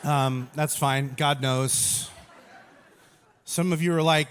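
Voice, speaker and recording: High-voiced man preaching with humor. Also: slow, smooth. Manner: animated, self-mocking storytelling. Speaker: pastor. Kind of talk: humorous sermon.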